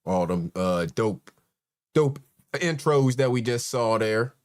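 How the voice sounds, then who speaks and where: A man's voice: mid-range voice, animated, slow pace. Laid-back man hosting a live chat. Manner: laid-back, greets chat members one by one. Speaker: host. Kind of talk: casual live-stream chat.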